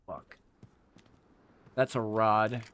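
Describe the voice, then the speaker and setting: A man's voice: on the low side, fairly even intonation, extremely slow, fairly bright tone, a little hiss or hum. Profane man muttering through gameplay. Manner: loose and profane, mutters to himself while playing; rambling storyteller with restarts. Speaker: streamer. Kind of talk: casual gameplay commentary.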